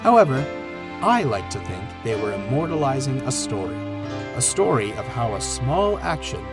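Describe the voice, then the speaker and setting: A man giving expressive storybook narration over background music. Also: mid-range voice, normal speed. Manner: expressive, animated reading. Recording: music playing underneath.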